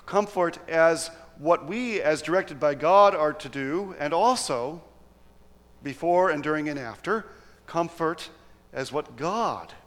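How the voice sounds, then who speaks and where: A man preaching in church, who reads scripture solemnly and talks through his points in a halting way with restarts. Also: fairly high pitch, big-room sound. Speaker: pastor. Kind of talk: sermon with scripture reading.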